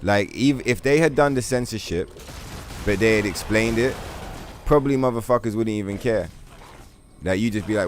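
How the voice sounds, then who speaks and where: A man's voice: fairly low pitch, moderate pace, soft background music. A man chatting casually and profanely while streaming a game, rambling through long comparisons and laughing. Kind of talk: casual gaming livestream chat.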